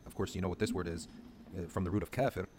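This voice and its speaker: A man's voice: deep voice, steady tone, darkish tone, a little hiss or hum. A man teaching a video lesson on reading the Quran, spelling words letter by letter and checking in with "okay?" after each point. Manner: patient, repeats words slowly for learners; drills letter by letter, fond of "okay?".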